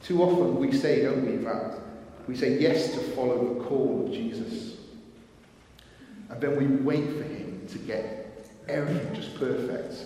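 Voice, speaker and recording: A man delivers a sermon at an unhurried, earnest pace, his voice slightly higher than usual. He is recorded from a distance in a large, reverberant hall. A faint room hum sits under his words. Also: warm tone. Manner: slow, earnest, acts out quoted thoughts with rising pitch. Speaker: preacher.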